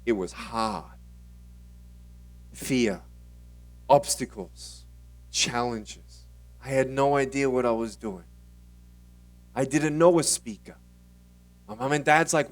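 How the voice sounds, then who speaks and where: A motivational speaker at a conference, telling his own story in an animated way and acting out the dialogue. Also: mid-range voice, slow, long pauses, recorded from a distance. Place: conference stage.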